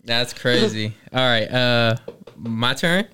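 A man's voice: medium pitch, slow, bright, forceful tone, clear, resonant tone. A young man hosting a podcast, chatting casually, laughing and swearing as he rapped a verse. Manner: loose, laughing, profane banter. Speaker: podcast host. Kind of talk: casual chat with freestyle rapping.

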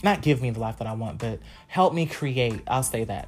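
Low-voiced woman in her twenties, podcasting. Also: expressive, a little fast, few pauses, a little mellow, faint music behind. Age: 20s. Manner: frank, profane, laughing, talks straight to listeners. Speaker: podcast host. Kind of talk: candid solo podcast chat.

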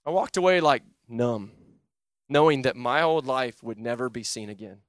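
A young man preaching a sermon and telling his own conversion story, swinging between loud urgent pleading and low, quiet intensity. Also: normal speed, no room sound, studio quality. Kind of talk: sermon with personal testimony.

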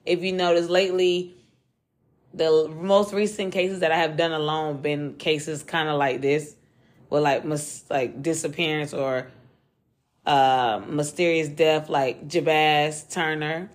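A woman hosting a true-crime podcast alone, talking casually and quickly in loose slang and swearing freely. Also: deep voice. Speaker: podcast host. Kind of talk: casual solo podcast chat.

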